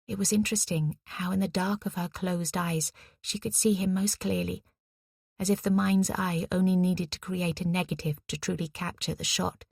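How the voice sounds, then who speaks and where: A woman reading a novel as narrator in a measured, even storytelling manner. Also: on the low side, vocal fry, slightly rough, no echo, studio quality. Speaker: audiobook narrator. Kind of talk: scripted narration.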